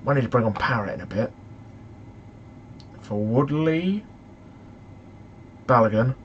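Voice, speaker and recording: A young man commentating on a football management game, excitable and shouting at the match in frustration. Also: medium pitch, unhurried, muffled recording, slight background noise. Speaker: gaming YouTuber.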